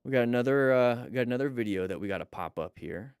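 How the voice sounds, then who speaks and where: A man's voice: mid-range voice, lively intonation, quick pace, smooth, dry recording, clean studio sound, soft background music. A man hosting a casual livestream as a riding instructor, upbeat and chatty, greeting viewers by name and reading out comments.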